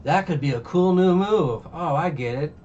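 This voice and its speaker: A man's voice: fairly high pitch, lively intonation, moderate pace, darkish tone, voice pushed up, close to an everyday voice. A man voicing a goofy, oblivious young male hero speaking awkwardly in a casual anime recap. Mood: offhand. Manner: awkward, offhand. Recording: dull distant mic, faint hiss.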